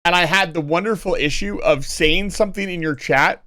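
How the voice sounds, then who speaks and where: A man's voice: high-pitched, moderate pace, pushed and bright, dry recording. A young man streaming live, talking casually to his chat and swinging between mock-angry joking and earnest reassurance.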